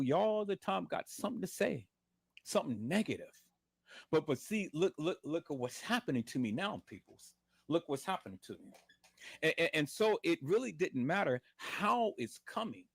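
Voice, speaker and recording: A man's voice: a little high, creaky, slightly rough, dry recording, clean studio sound. A man, in pain and lying in bed, giving a fervent, repetitive testimony of faith to livestream viewers and calling them "peoples". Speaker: livestream host.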